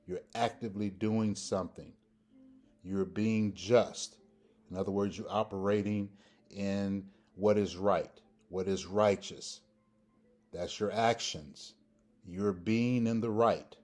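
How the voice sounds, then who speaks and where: A man's voice: fairly low pitch, dark tone. A man teaching a Hebrew grammar lesson, who repeats each pronunciation several times and asks his listeners rhetorical questions. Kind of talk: slow, deliberate grammar lesson.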